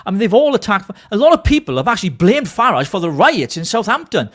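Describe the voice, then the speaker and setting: Male co-host from Britain, high lively voice, furious political rant. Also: quick pace. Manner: angry ranting, swearing. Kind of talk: heated political talk show.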